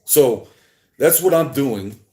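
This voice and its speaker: A man livestreaming alone, rambling and halting as he talks to his chat. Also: mid-range voice, expressive, warm tone. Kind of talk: rambling solo livestream talk. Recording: echoey room.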